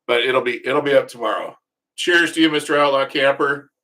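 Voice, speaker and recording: Guy host, bright forceful voice, loose rambling profane yarn-spinning on a livestream. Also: mid-range voice, fast. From United States. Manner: rambling, profane, joking storyteller. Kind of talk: casual storytelling livestream.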